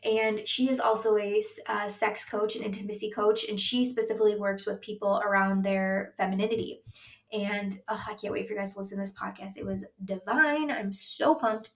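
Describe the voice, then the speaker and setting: A woman's voice: mid-range voice, fairly even intonation, brisk, recorded from a distance. A woman sex coach hosts her own podcast and talks candidly in a loose, chatty way, full of likes and restarts. She speaks from a room at home, sitting a little back from the mic, so her voice carries a roomy echo. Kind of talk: casual solo podcast talk.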